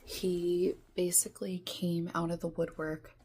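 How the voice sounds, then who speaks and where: A woman's voice: fairly low pitch, flat delivery, a little slow, a little mellow, husky. A young woman vlogging from her bedroom, ranting in an exasperated way, swearing a lot and filling her talk with "like". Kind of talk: casual ranting vlog.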